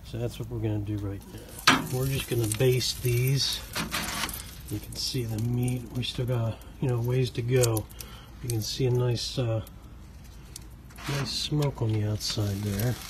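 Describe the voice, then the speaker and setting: An easygoing man hosts a home cooking video outdoors beside his smoker. His mid-range voice stays relaxed and chatty as he walks through each step. Clear background noise from the open air sits under the whole recording. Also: mid-range voice, measured pace. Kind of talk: casual cooking demonstration.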